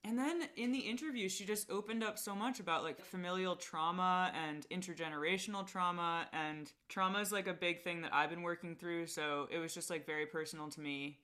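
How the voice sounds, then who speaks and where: A woman's voice: fairly low pitch, brisk, hardly any pauses, bright, forceful tone. A young woman in casual interview chat, talking about her podcast with lots of "like" and frequent laughs. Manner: chatty, lots of "like", laughs often. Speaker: podcast host as guest.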